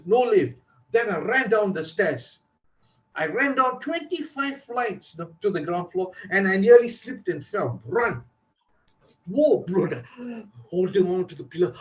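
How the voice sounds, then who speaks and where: Theatrical high-voiced man telling a story. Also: unhurried. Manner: animated, theatrical, acts out quotes. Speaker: club speaker. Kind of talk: dramatic storytelling speech. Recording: dull lo-fi recording.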